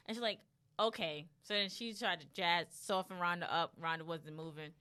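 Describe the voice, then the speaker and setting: A woman co-hosting a podcast in casual chat, with a bright, forceful voice. She retells stories with lively energy and acts out the lines. The sound is dry and close. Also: on the low side, normal speed, smooth, no echo. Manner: animated storytelling, acting out quotes. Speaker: podcast co-host.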